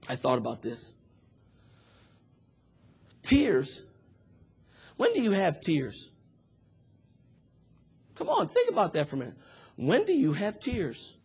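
A man preaching a sermon, moving from quiet talk to shouted fervor and acting out prayers and voices as he tells the story. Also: high voice, huge pitch swings, takes it slowly, gravelly, pauses often, husky. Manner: acts out prayers and dialogue in the telling.

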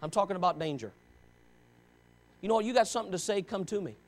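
A pastor delivers a sermon in a fast, expressive, high-pitched male voice. He speaks directly to his congregation with passion and a conversational tone, pushing them with rhetorical questions.

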